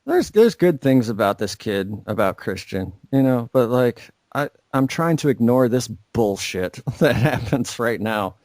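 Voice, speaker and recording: A young man on a podcast, venting in a sarcastic rant full of swearing. His voice sits at an ordinary middle pitch, recorded dry and close with no room sound. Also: very animated, unhurried, few pauses, a little mellow, dry recording. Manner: ranting, swears constantly, sarcastic. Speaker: podcast co-host. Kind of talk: profane casual chat.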